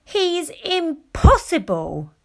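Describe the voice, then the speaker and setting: A woman reading a children's story and voicing an exasperated older sister in a high voice. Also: wildly swooping pitch, very slow, heavily acted.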